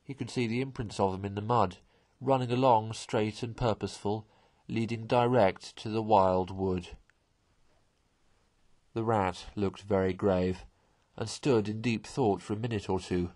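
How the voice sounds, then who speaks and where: A man's voice: fairly low pitch, no room sound. Man reading a classic story aloud. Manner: measured, expressive narration.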